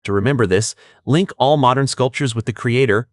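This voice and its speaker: A man giving scripted test-prep coaching in a clear, measured way. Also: medium pitch, dry recording, clean studio sound. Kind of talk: scripted instructional narration.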